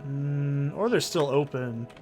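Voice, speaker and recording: A man hosting a let's play, giving casual, excitable commentary and swearing freely as he plays. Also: medium pitch, slow pace, faint music behind.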